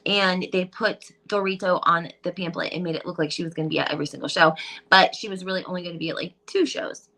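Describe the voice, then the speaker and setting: A woman hosts a casual celebrity gossip chat in a lighthearted, chatty way, tossing in playful asides. Her voice is bright and forward, with a gravelly fry running through it. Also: on the low side, steady tone, fast. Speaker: host.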